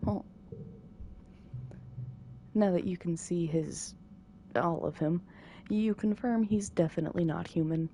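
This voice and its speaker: Low, gravelly-voiced woman narrator. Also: unhurried, long pauses, dark tone, slight background noise. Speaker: narrator reading a visual novel. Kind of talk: soft bedtime narration.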